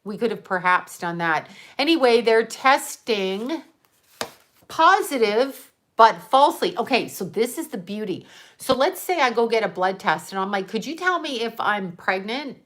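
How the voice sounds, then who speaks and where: A woman's voice: medium pitch, animated, normal speed. A woman hosting a casual livestream, chatting to viewers in a rambling, playful way, often laughing and jumping between topics. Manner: chatty and scattered, with frequent laughs and asides. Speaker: livestream host reading viewer comments.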